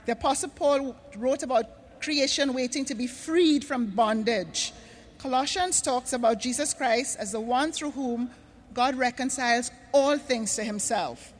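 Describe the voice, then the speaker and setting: A woman from Trinidad and Tobago gives an earnest stage address to a huge arena crowd, slowing down to stress key words. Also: sits high. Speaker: conference speaker. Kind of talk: stage address on faith and creation care. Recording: long reverb of a large arena.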